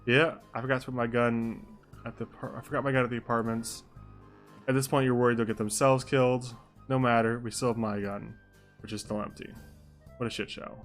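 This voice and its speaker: A man's voice: medium pitch, flat delivery, brisk, faint music behind. Young male streamer, casual story narration with rambling asides. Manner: rambling asides, mixes narration with chat comments. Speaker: streamer narrating a role-play.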